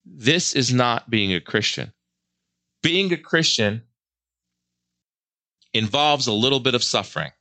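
Earnest man preaching with bright emphasis. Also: mid-range voice, animated, unhurried, long pauses. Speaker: host. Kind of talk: religious commentary monologue.

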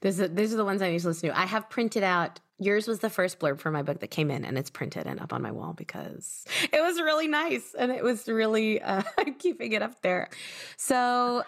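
A woman podcast host and author talking in casual conversation, chatty and eager, with quick bursts of speech. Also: medium pitch, sing-song, gravelly.

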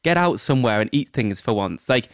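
Brit guy co-host rattling on quick, opinionated, voice bounces around a lot. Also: mid-range voice, lively intonation, no room sound, studio quality. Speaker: podcast co-host. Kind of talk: casual chat.

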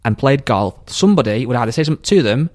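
A man co-hosts a podcast in casual chat and talks fast. He pushes his points emphatically and is quick to argue. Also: mid-range voice, animated, a little mellow. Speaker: podcast co-host.

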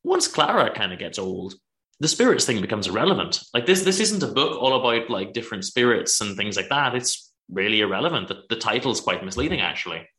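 A man's voice: on the low side, very animated, brisk, bright, forceful tone, reverberant. A man hosting a podcast, chatting casually about a book he read, rambling with restarts and asides. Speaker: podcast host.

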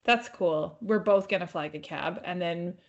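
Low-voiced woman telling a story. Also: moderate pace, muffled recording. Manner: rambling, swears freely, laughs often. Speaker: podcast co-host. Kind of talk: casual storytelling chat. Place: home.

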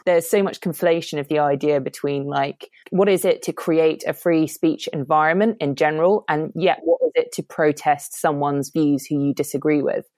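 A woman with a low-pitched voice, venting in a heated, emphatic rant about something that clearly frustrates her. The sound is dry and close, with no room around it. She keeps pushing her point, building momentum as she goes. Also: normal speed, few pauses, a little mellow, dry recording. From United Kingdom. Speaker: guest commentator. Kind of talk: heated opinion chat. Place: parents' house, remote.

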